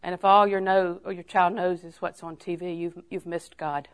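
An older woman preacher giving a sermon, telling homely stories and then rising into emphatic, drawn-out exhortations. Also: on the low side, flat delivery, smooth. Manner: folksy storytelling that rises to emphatic, drawn-out exhortation.

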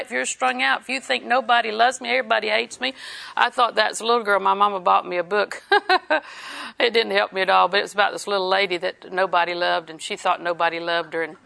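A woman's voice: medium pitch, vocal fry, a bit bright. A woman preaching a sermon, reading scripture in a conversational way and laughing often.

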